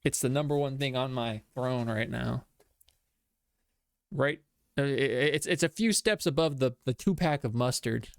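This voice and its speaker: A man's voice: medium pitch, moderate pace, vocal fry, no echo. A man streaming a game, joking with chat and reading game text aloud. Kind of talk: casual game streaming commentary.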